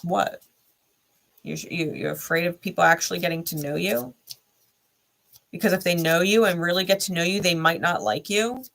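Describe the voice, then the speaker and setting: A woman's voice: fairly low pitch, normal speed, vocal fry, long pauses, a bit bright. A woman speaking bluntly in a candid vlog monologue, swearing often and repeating short heated lines straight to the listener. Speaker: tarot reader and channel host.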